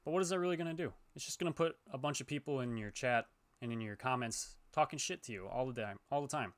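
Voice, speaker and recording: A young man, a gaming YouTuber, ranting heatedly and profanely to his viewers, swinging between loud outbursts and low muttering. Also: quick pace. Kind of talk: ranting to camera.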